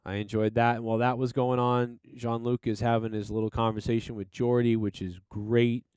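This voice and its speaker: An enthusiastic man rambles through a casual solo review, swearing now and then. His voice is smooth and clear, recorded close in a dry space with no room sound. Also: mid-range voice, little pitch movement, fairly quick, a little mellow, no echo. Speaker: podcast host reviewing a TV episode.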